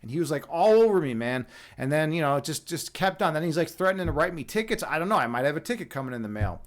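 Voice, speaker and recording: A man's voice: fairly high pitch, sing-song, quick pace. A man hosting a live stream from his home setup, talking in a rambling, jokey way with many restarts. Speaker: livestream host, chess instructor and meditation guide. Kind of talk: casual live-stream chat.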